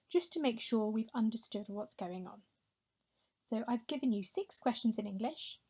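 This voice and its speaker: A young woman teaching a recorded Spanish lesson over slides, speaking clearly and patiently and modelling pronunciation slowly for her pupils to repeat. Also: fairly high pitch. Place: home or classroom, voice-over on slides.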